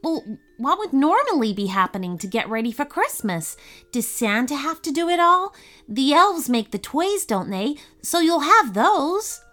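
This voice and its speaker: A woman's voice: high voice, big pitch swings, normal speed, fairly bright tone, pitched above the performer's own voice. A woman doing a cautious, sensible young boy. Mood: reasoning. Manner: careful, reasoning, protective. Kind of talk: storybook reading.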